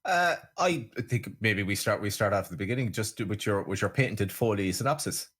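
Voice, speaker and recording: Man, podcast co-host, laid-back teasing chat, husky, lively intonation. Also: lowish voice, brisk. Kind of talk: casual comedic podcast chat.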